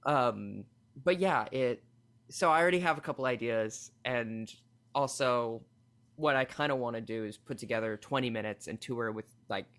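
A man, a stand-up comedian, chats as a podcast guest in a fast, animated way. He wanders off on tangents and fills his speech with "like" and "you know". His pitch is ordinary for a man, and he pokes fun at himself often. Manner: fast, tangential, animated, full of "like" and self-deprecating asides. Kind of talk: casual chat. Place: New York.

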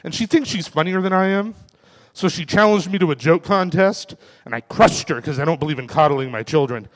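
A man in his forties doing a stand-up comedy set on a club stage, delivering self-mocking punchlines in a deadpan way. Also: a little high, brisk. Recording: reverberant club room.

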